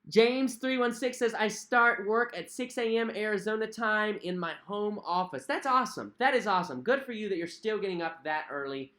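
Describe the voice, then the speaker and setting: This cruise vlog host, a young man at home, has a voice that sits high with a sharp tone, moving at a moderate pace with few pauses. On his casual livestream he chats amiably, reads out viewer comments, and repeats himself, using many fillers.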